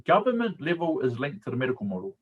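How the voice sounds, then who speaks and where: A man's voice: mid-range voice, big pitch swings, quick pace, husky, lo-fi sound. Middle-aged New Zealand man, casual coach, colloquial storyteller, mid-range voice. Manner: storytelling, laughs often, colloquial. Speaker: guest speaker and coach. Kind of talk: casual live-stream talk.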